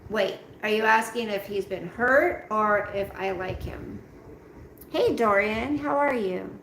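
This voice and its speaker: A tired, yawning woman hosts a casual live chat from a roomy room at home, reading chat and greeting viewers by name as she rambles slowly. Her voice is medium-pitched with lively intonation, and the low-quality recording has an echoey room and slight background noise.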